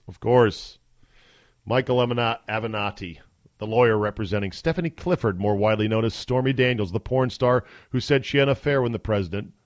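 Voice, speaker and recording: A man's voice: mid-range voice, dry recording. A man hosting a podcast in casual talk, chatty and wry, with mock-amazed asides. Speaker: podcast host. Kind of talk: casual sports and news talk.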